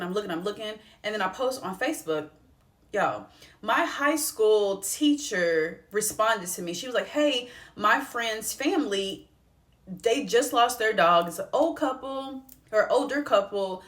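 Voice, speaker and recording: Young woman, vlog storytelling, heartfelt, near tears, casual slang. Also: medium pitch. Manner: tearful, heartfelt, conversational with slang. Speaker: vlogger. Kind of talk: emotional personal storytelling vlog.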